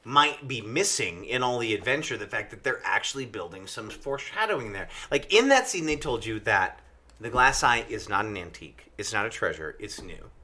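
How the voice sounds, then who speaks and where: Animated, bright-voiced man joking on a podcast. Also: on the low side, brisk. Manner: animated, jokey, acts out characters mid-sentence. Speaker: podcast guest, actor. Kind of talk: casual podcast chat.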